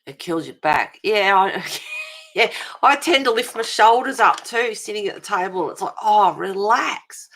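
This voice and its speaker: A woman's voice: mid-range voice, expressive, normal speed, fairly bright tone, a little hiss or hum. A middle-aged woman hosting a casual livestream at her table at home, chatting with viewers and calling them darling and sweetie. She calls herself fussy and pedantic. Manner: chatty, answers viewers' comments with endearments; self-described fussy and pedantic. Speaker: livestream host of a colouring channel. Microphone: webcam.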